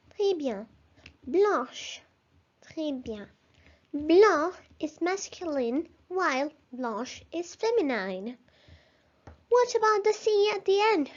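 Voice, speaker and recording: A woman with a high, light voice leads a vocabulary lesson at an unhurried pace. She pronounces each word carefully and encourages the listener to repeat after her. The recording sounds a little dull and lo-fi. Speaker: language teacher.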